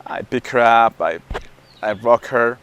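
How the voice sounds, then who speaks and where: Candid man, halting and frank. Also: mid-range voice, a bit bright, smooth. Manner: candid, halting, repeats words. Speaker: interviewee, new father. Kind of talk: casual interview answer.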